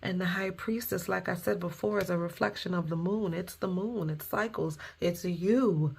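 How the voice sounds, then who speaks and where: A woman's voice: fairly low pitch, fairly even intonation, moderate pace, gravelly, a little mellow, a little hiss or hum. A woman giving a casual spoken tarot reading, heartfelt and informal, with occasional cursing. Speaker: tarot reader.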